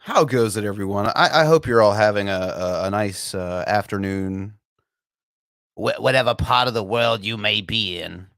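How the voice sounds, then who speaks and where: A man's voice: fairly low pitch, moderate pace, creaky, a bit bright, no room sound, studio quality. A man hosting a livestream in casual chat, stammering and repeating words as he chuckles. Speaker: livestream host.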